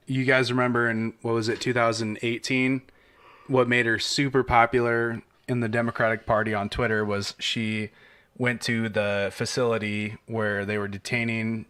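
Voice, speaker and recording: Young man, podcast co-host, bright voice, casual chatter. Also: mid-range voice, flat delivery, moderate pace, clear, resonant tone. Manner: chatty, loose, swears casually. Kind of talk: casual chat.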